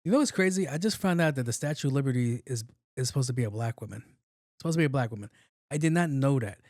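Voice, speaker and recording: Podcast host, man in his late thirties, casual and profane, mid-pitched voice, dry close sound. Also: expressive, fast talker, a little mellow, dry recording. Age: 30s. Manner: loose, profane, repeats himself. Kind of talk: casual solo podcast commentary.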